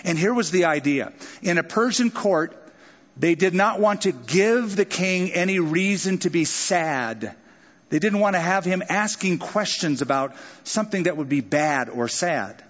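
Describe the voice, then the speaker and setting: A man preaching a sermon, walking through a scripture passage and breaking into asides and acted-out lines. His voice sits a bit high for a man. The sound is dull and muffled, and a long reverb trails through a large hall. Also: expressive, fairly bright tone. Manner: expository preaching with quick asides and acted-out quotes. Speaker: pastor.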